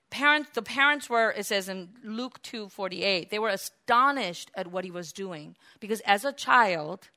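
A woman preaching a sermon, emphatic, with loud repeated phrases and frequent fillers. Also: mid-range voice. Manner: emphatic, rising to loud repetitions with many fillers.

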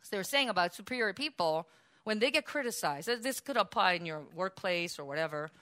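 A woman pastor preaching a sermon in a church, animated, acting out quotes and laughing often. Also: medium pitch, brisk.

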